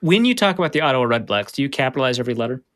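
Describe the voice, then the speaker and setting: A man hosting a podcast, chatting casually with a guest and teasing him with dry, quick jokes. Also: medium pitch, animated. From Minnesota. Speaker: podcast host.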